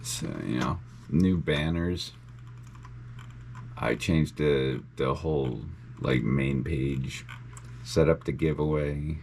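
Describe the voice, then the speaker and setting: A man's voice: a bass voice, slow, pauses often, a little mellow, a little hiss or hum. A young man in a casual video diary, talking bluntly and swearing a lot. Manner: blunt and heavily profane. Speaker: independent musician. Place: at home.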